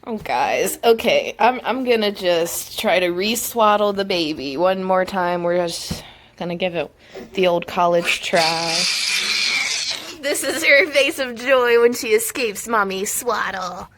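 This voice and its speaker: At a measured pace and medium pitch, a young woman vlogs at home with background noise audible. Between relaxed remarks to viewers, she gushes baby talk at her infant and giggles frequently.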